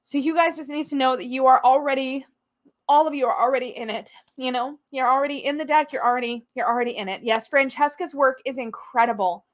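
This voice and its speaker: Excited, tearful woman livestream host. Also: high-pitched, brisk. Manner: excited, emotional, laughing often. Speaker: tarot channel host. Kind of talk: livestream chat.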